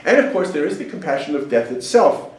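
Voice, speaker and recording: A man's voice: on the high side, big pitch swings, fast talker, darkish tone, distant mic. Joking middle-aged man teaching a class, echoey room. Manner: chatty and joking, acts out quotes in funny voices. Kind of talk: casual lecture to a class.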